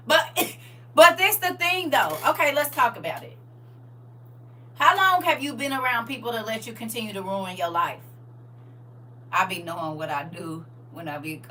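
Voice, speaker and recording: Animated woman livestreaming, bright voice. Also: fairly high pitch. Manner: animated and playful, addresses chat directly, laughs often. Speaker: livestream host. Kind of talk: casual livestream chat with viewers.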